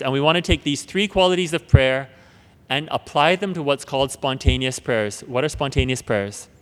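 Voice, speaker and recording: A man giving an earnest spoken teaching on prayer, often repeating words and dropping to a hush when reciting prayers. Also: fairly high pitch, clean tone. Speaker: preacher. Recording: long hall reverb.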